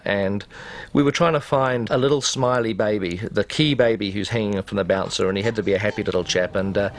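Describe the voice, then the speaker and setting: A film director recalls the shoot in a wry, self-deprecating way. His voice sits fairly low, relaxed and conversational. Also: a little hiss or hum. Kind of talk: making-of interview recollection.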